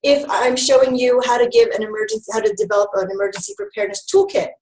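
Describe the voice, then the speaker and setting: A woman's voice: high voice, big pitch swings, fast, vocal fry, a little mellow, echoey room, poor audio. A woman giving an online training talk to new health educators, upbeat and instructive, with frequent ums.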